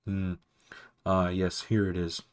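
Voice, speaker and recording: A man voicing an ancient male mouse archivist, wise but absent-minded, who talks softly and fussily, barely above a whisper, for a storybook reading. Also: low-pitched, little pitch movement, takes it slowly, clear, resonant tone. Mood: doddering. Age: older. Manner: soft, mumbling, fussy, barely above a whisper.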